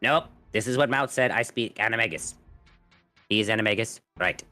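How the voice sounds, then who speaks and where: A man's voice: fairly low pitch, a little fast, bright, forceful tone, faint music behind. A man narrating as game master and voicing characters in a casual tabletop game, rambling and playful. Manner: rambling, playful, slips into odd character speech.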